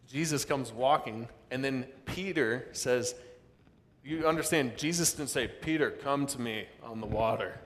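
A man's voice: mid-range voice, measured pace. Man preaching in an echoing hall. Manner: preaching with sudden loud outbursts and dramatic quoted voices. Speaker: pastor. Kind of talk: sermon. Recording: long reverb of a large hall.

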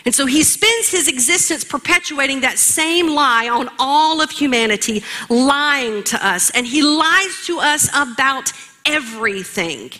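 A woman's voice: high-pitched, lively intonation, unhurried, pushed and bright. A woman preaching a sermon in an emphatic, rhetorical way, speaking straight to her listeners.

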